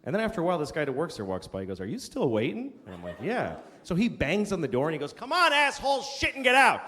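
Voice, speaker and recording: Deadpan stand-up comedian man, roomy club. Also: a little high, racing. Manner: deadpan, with sudden loud shouting bits. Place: comedy club stage before a laughing audience. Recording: roomy live club recording, noisy.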